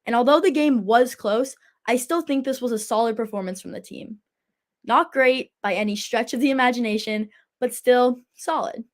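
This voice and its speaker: A woman's voice: on the high side, normal speed. A teenage girl hosting a casual sports talk show, chatty and enthusiastic. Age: teens. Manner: chatty and enthusiastic, laughs often. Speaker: host.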